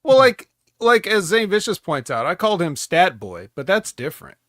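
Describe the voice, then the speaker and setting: A man with a bright, fairly high voice trading dry jokes on a wrestling review chat. His pitch moves around a lot, and the sound is dry and close. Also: sing-song, moderate pace, no room sound. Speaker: podcast co-host.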